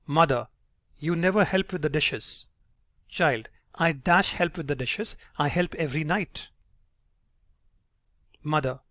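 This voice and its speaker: A man's voice: a little high, slow pace, pauses often, fairly bright tone, no room sound. A man giving an online grammar lesson, explaining patiently and often checking in with "right?". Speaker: English teacher.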